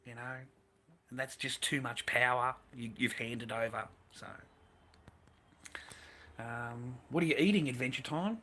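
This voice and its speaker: A man's voice: medium pitch, a little slow, long pauses, pushed and bright. A man chatting crudely on a stream, swearing constantly and laughing between blunt remarks. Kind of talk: crude casual livestream chat.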